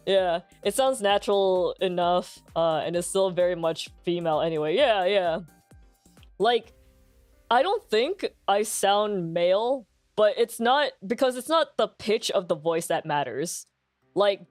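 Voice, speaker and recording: A young adult woman chats on a casual stream, relaxed and candid, with lots of fillers and frequent laughter. Her speaking voice is full, grounded, and lowish, and the recording has no echo.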